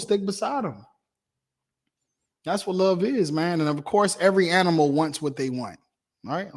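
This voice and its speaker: A man lecturing a class in a preaching style, repeating himself and asking "right?" often, swinging between loud emphasis and quiet murmur. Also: sits high. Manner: preachy, repetitive, asks "right?" and "you understand?". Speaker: class teacher.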